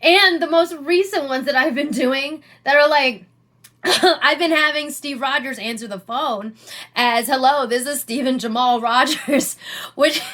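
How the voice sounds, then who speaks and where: A woman comedian ranting in an exasperated, profane, animated way straight to camera. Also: fairly high pitch. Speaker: comedian and sketch creator. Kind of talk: profane rant vlog.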